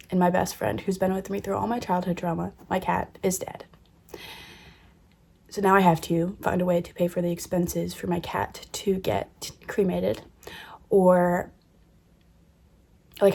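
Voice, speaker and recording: A young woman in her twenties with a lowish voice recounts a personal ordeal in a candid storytime monologue. Her pitch stays fairly flat. She speaks openly and curses freely as she goes. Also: creaky, slightly rough. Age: 20s. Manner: candid and emotional, swears freely. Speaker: vlogger.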